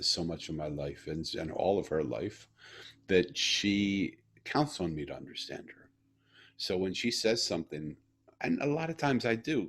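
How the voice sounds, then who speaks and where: Low husky middle-aged man, earnest storyteller in conversation. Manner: earnest, animated when retelling. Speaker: guest.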